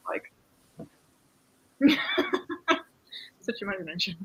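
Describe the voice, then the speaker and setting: A young woman chatting casually on a reading stream, giggly and animated. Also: on the low side, poor audio. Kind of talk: casual chat.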